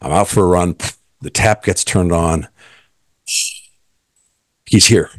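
A man's voice: deep voice, slow pace, dry recording, studio quality. A middle-aged man, a guest, earnestly telling his personal faith story and quoting what others said.

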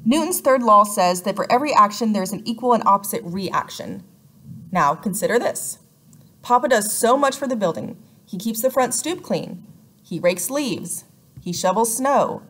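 Woman doing a stubborn know-it-all science girl. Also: fairly high pitch. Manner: insistent, certain she is right.

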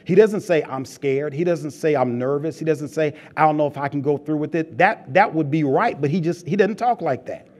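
A man's voice: on the high side, normal speed, hardly any pauses, darkish tone. A man preaching a sermon as pastor, talking in a loose, joking way and calling out to the congregation as it laughs. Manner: humorous, conversational preaching with call-outs to the congregation.

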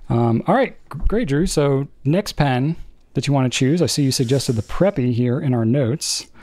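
A man co-hosting a podcast in relaxed, joking casual chat, full of fillers. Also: mid-range voice, normal speed. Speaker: podcast co-host.

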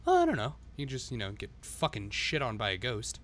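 A man's voice: mid-range voice, huge pitch swings, fairly quick, few pauses, fairly bright tone. A man streaming himself playing a game, swearing constantly and talking to himself as he goes. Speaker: live streamer. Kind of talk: live-stream gameplay commentary.

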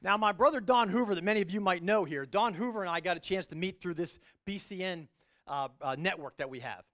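A middle-aged man, a judge, giving an earnest, animated faith-based talk to a business group, telling stories from his courtroom. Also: sits high, fairly quick. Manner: storytelling, earnest, animated delivery.

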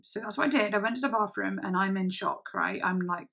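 A woman in her twenties telling a personal story on her channel, halting, with many fillers and restarts. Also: medium pitch, vocal fry, bright, forceful tone. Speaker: vlogger. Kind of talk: casual storytelling.

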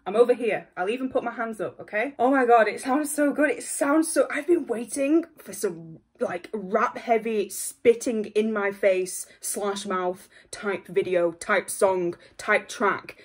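A young woman hosting a reaction video from home, excitable and gushing, constantly apologizing while faint music plays behind her. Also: mid-range voice, measured pace, breathy edge. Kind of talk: casual reaction vlog. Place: home room at a desk. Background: faint music playing.

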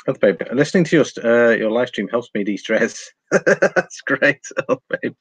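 A man's voice: mid-range voice, animated, moderate pace, slightly rough, dry recording. A man hosting a casual live stream, reading viewer comments aloud and talking through price charts, laughing often.

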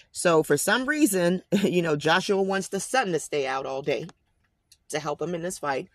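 A man's voice: fairly high pitch, dry recording. Man reading scripture with casual asides. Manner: conversational, addresses listeners as guys; emphatic, slangy asides. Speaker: Bible commentator.

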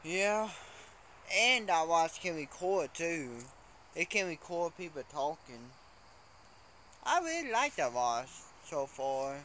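A man with a Mississippi Southern accent rambles through a casual vlog, looping back to the same phrases. His voice sits high and bright, and he talks at an unhurried pace. A faint hiss runs underneath. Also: big pitch swings. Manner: rambling, repeats himself, fills with "so anyway". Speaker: vlogger. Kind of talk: casual vlog chat to camera.

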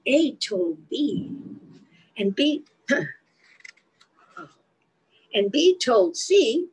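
A woman reads a storybook aloud to small children at an unhurried pace, lingering on every line. Her voice sits a little high, and she slips in gentle questions to her young listeners between the pages. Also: lively intonation, low-quality recording. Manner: slow sing-song reading, stops to ask the listening children questions. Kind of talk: reading a picture book aloud to young children.

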